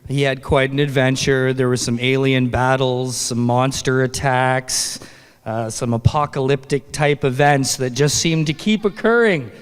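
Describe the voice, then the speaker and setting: A man's voice: medium pitch, steady tone, measured pace, clean tone. Canadian guy hosting an awards show, upbeat and jokey, long echo from the convention hall. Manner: upbeat, joking emcee with playful asides. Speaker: awards presenter and emcee. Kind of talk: live awards ceremony hosting. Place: large convention hall stage.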